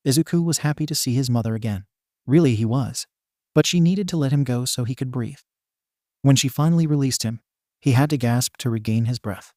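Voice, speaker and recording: A man reading a fan fiction story aloud as narrator, with a steady, even delivery. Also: medium pitch, brisk, no room sound, clean studio sound.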